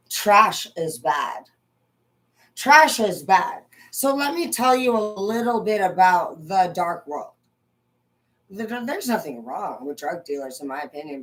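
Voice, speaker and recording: A young adult woman from Washington state, angrily ranting to her viewers and swearing constantly, swinging between loud outbursts and low muttering. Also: rough recording. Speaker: vlogger. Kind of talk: profane ranting monologue.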